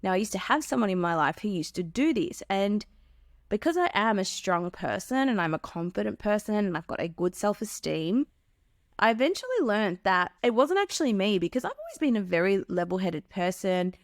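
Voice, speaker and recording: A woman's voice: medium pitch, sing-song, brisk, no room sound. Earnest woman giving advice, dry sound. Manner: earnest, explains with acted-out examples. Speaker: podcast host giving relationship advice. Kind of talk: solo advice talk.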